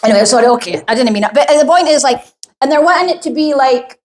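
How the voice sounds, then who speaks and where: A woman's voice: high-pitched, lively intonation, fast talker, a little mellow. A woman doing a stand-up set, talking bluntly and rambling with heavy swearing, at a live comedy venue. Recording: roomy echo.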